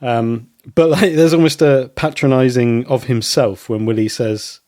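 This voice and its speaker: A man co-hosting a podcast in casual chat, rambling and pausing on many ums. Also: medium pitch, steady tone, darkish tone, no echo, studio quality. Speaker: podcast co-host.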